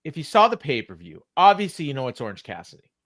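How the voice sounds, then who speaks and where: A man's voice: on the high side, big pitch swings, quick pace, fairly bright tone. Exasperated man recapping wrestling. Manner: blunt, exasperated, reads segments aloud with impressions. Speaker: podcast co-host. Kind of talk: casual wrestling recap chat.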